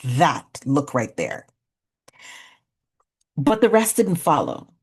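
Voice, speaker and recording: A woman in her forties speaks slowly and unhurriedly in a fairly low voice. She guides a workshop with a conversational, self-deprecating ease and counts out breaths patiently. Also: wildly swooping pitch, slightly rough. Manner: warm, conversational, laughs at herself, counts slowly. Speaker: workshop facilitator. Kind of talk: guided breathing exercise and storytelling talk.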